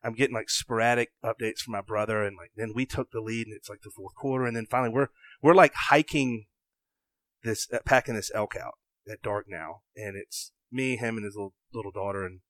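A young adult man from the American South with a Southern accent, telling a story in an animated, casual way, acting out his own thoughts and often interrupting himself. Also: lowish voice, fairly quick, dry recording. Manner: excitable, self-interrupting, acts out his own inner voice.

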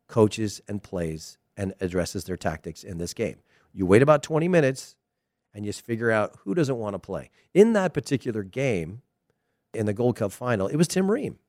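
A man's voice: on the low side, a little mellow, no echo, clean studio sound. A middle-aged American man, a former player, giving a digressive, emphatic casual commentary monologue. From United States.

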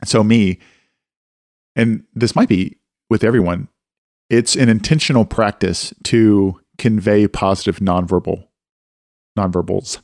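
A man speaks candidly and pokes fun at himself, with a fairly low voice. He tells stories from home in a plain, unhurried way. The sound is dry, right on the mic. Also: darkish tone, dry recording. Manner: candid, self-deprecating, anecdotal. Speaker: co-host and father. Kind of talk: casual faith-based discussion.

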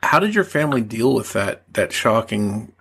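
A man hosting a podcast interview, asking careful, gentle questions. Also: fairly low pitch, sing-song, normal speed, gravelly, husky.

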